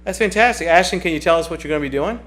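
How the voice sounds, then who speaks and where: A man's voice: fairly high pitch, racing, fairly bright tone. A man hosting a casual livestream, chatting and reading viewer comments aloud in a rambling way that often repeats itself. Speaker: livestream host.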